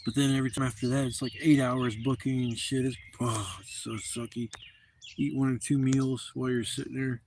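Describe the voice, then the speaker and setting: This livestream host is again at his campsite, spinning a long, meandering yarn peppered with profanity. His voice sits at a medium pitch, fairly even and a little mellow, moving fairly quickly over slight background noise.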